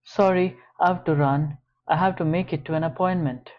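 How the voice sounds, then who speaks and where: A man puts on a young college woman whose voice climbs well above his usual register, strained and urgent as she defends herself. Her lines come loud and pressing. The audio sounds slightly muffled. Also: on the high side, steady tone, moderate pace, voice pushed up, lightly acted. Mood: alarmed.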